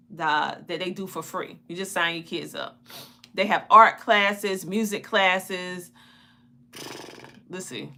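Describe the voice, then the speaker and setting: A woman's voice: medium pitch, pushed and bright. A woman with a Southern US country twang, chatting folksily about homeschooling on a talk show. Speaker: homeschooling parent guest. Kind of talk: casual talk show chat.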